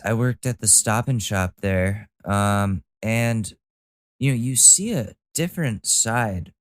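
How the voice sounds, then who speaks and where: A man's voice: fairly low pitch, smooth, no room sound, studio quality. A man from Connecticut hosting a podcast, ranting in a loose, profane, casual way with lots of restarts. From Connecticut, USA. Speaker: podcast host.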